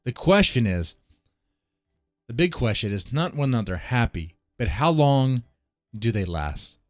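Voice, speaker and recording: A man's voice: mid-range voice, big pitch swings, measured pace, no room sound, studio quality. A man hosting a casual live stream, ranting bluntly and laughing often as he comments. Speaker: streamer host.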